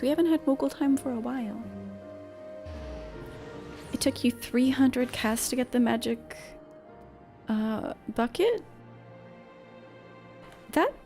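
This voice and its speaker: Chatty woman streamer with gravelly fry. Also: high voice, darkish tone. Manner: chatty, self-correcting, playful. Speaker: game streamer. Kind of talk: casual game commentary.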